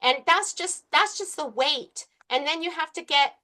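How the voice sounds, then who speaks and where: Woman, committee member, high bright voice, earnest, rambling, many fillers. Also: unhurried. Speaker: committee member speaking on transit. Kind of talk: public meeting remarks.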